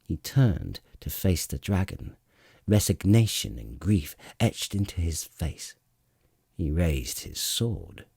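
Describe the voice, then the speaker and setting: A man narrating a fantasy novel as an audiobook reader, in a measured, expressive way. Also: sits low, vocal fry, breathy edge, no echo, studio quality.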